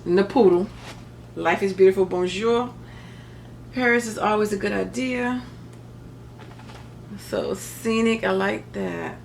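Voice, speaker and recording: A woman's voice: mid-range voice, measured pace, gravelly, pauses often, a little hiss or hum. A middle-aged woman chatting casually through a craft paper haul, rambling with joking asides. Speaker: crafting vlogger. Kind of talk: casual haul show-and-tell.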